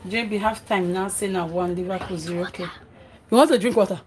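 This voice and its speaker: A woman's voice: medium pitch, steady tone, fast talker, darkish tone, slight background noise, low-quality recording. A middle-aged Nigerian woman chatting on a cooking livestream, reading comments aloud and scolding her children between remarks. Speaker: vlogger and mother. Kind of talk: casual cooking livestream chat.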